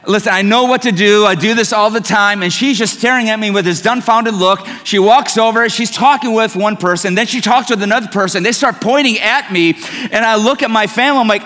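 A man's voice: high voice, fairly quick, sharp tone. A middle-aged man preaching a sermon as pastor, telling stories in a conversational, self-mocking way. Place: church sanctuary. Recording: long reverb of a church hall.

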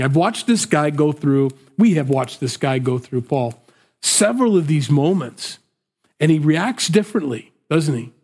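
A man preaching in a casual, conversational way, working through a passage and voicing the people in it. His voice sits a bit high for a man. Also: darkish tone. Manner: conversational, acts out quotes. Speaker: pastor. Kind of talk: expository sermon.

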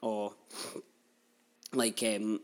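A man's voice: on the low side, little pitch movement, extremely slow. A man in his thirties hosting a podcast, telling a personal story in a chatty, heartfelt way, full of asides. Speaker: podcast host.

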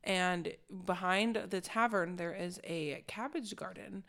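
A woman's voice: lowish voice, slow pace, vocal fry, a bit bright. A young adult woman co-hosting a podcast, playful and giggly, cracking cheeky jokes. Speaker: podcast co-host. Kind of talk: casual chat.

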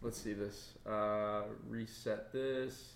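A man's voice: lowish voice, fairly even intonation, slow, a little hiss or hum. A young man co-hosting a podcast, telling stories in a casual, joking way. He laughs as he talks and acts out the voices of the people in his stories. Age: young adult. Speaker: podcast co-host. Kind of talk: casual comedic storytelling. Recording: echoey room.

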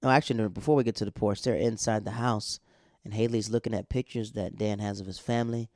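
Man, casual slangy recap, mellow dark voice, dry close sound. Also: lowish voice, steady tone, fast talker, no echo. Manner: slangy, laid-back storytelling. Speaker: TV episode recapper.

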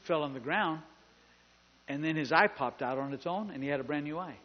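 Speaking fairly quickly in a voice on the high side, a pastor animatedly acts out a story's dialogue and trades jokes with his congregation during a church service. The recording's highs are cut off.

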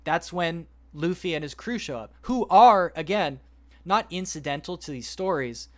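A podcast host with a voice pitched a bit high for a man, telling a long story in a rambling, lively way. He keeps slipping in the characters' lines as he retells the plot. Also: normal speed.

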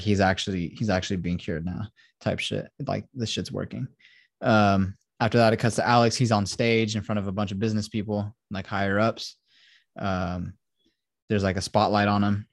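The recording is dry and clean, studio-quality, and the man's voice sits lowish. Hosting a podcast, he runs through a film's plot in a relaxed, profane way, performing the characters' lines as he goes.

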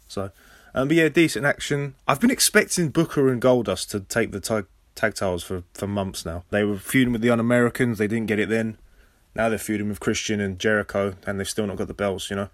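An English man hosting a casual podcast recap, sarcastic and swearing freely, with sudden loud high outbursts. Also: dry recording, clean studio sound. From England. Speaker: podcast host.

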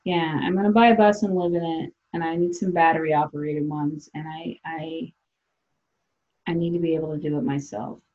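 A woman's voice: sits low, steady tone, moderate pace, lo-fi sound. A woman from South Dakota hosting a podcast, chatting loosely and laughing as she acts out what people say. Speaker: podcast host. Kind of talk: casual chat.

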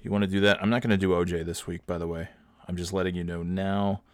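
A man hosting a comedy show, telling a crude story deadpan and chatting casually with profanity. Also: sits low, fast, clear, resonant tone, dry recording.

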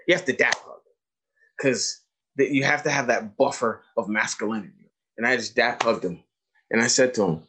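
A man with a husky, slightly rough voice leads a training session for educators. He mixes lecture with vivid classroom stories and keeps checking in with his listeners. His pitch sits in an ordinary middle range. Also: poor audio. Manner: animated storyteller, asks the audience questions. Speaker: educator giving a training talk. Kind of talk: lecture to teachers with told stories.

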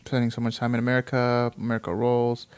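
A man's voice: mid-range voice, completely flat delivery, fast, darkish tone, clean tone. Rambling man reacting to an article. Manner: rambling, profane, reads aloud then reacts. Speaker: commentator reading an article. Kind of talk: casual reaction commentary.

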